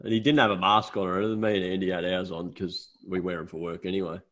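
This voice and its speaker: A man's voice: sits low, flat delivery, fast, fairly bright tone. A young Australian man co-hosting a casual podcast, telling stories with lots of swearing and laughter. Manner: storytelling, swears freely, laughs while telling. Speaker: podcast co-host. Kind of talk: casual chat.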